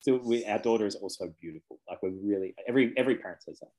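A man's voice: on the low side, racing, darkish tone, rough recording. A man, a children's book author chatting casually in an interview, rambling and self-correcting, laughing easily.

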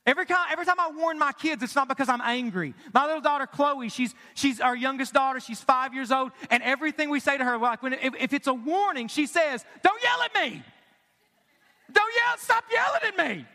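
A man in his thirties preaching a sermon as pastor, emphatic and questioning, often dropping to a hush for emphasis. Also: extremely high pitch, fast, hardly any pauses. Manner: emphatic, asks the congregation questions, drops to quiet for emphasis. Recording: long reverb of a large hall.

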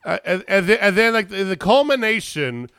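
A man in casual chat about wrestling, ranting in an animated way and swearing freely. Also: high voice, moderate pace, clear, resonant tone, no echo, studio quality. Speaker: podcast co-host.

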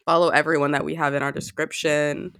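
A young woman co-hosting a casual podcast, hoarse from a cold, swearing and joking freely. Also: low voice, little pitch movement, fairly quick, fairly bright tone, no echo. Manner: profane, joking, laughs often. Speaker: podcast co-host.

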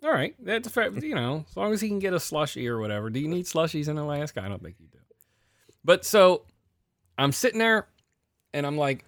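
A man telling a profane story in casual chat, animated, his voice swinging between loud outbursts and quiet asides. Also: a little high, a little fast, dry recording, studio quality.

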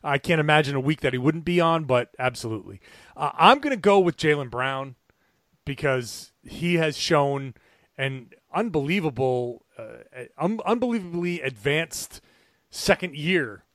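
A man's voice: on the high side, lively intonation, measured pace, fairly bright tone, no room sound, studio quality. A man co-hosting a casual sports podcast, breaking down plays with enthusiasm, sometimes tripping over his words and restarting. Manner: enthusiastic, analytical, with stumbles and restarts. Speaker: podcast co-host and basketball writer.

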